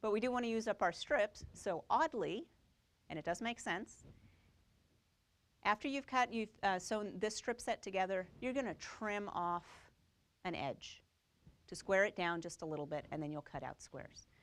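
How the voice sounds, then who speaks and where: A woman's voice: mid-range voice, moderate pace. A woman teaching a quilting class, explaining each step and checking that the students follow. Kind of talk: live classroom demonstration.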